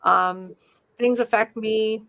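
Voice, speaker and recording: A woman co-hosting a casual podcast, speaking in a hesitant, soft-hearted way with lots of small fillers. Her voice has a gravelly, fry-heavy texture. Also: on the high side, fairly even intonation, slow. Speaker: podcast co-host. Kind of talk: casual chat.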